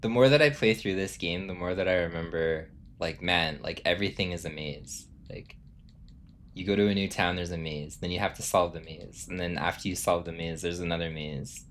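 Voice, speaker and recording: A man's voice: deep voice, a little fast, fairly bright tone, slight background noise. A man streaming a video game, chatting casually in a rambling, self-amused way full of fillers. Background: game music.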